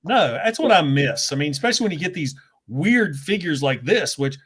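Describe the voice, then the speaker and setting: Interviewing a fellow creator, this host talks freely at a moderate pace in a husky, fairly high voice. He laughs a lot, stays chatty, and grows animated when recounting stories.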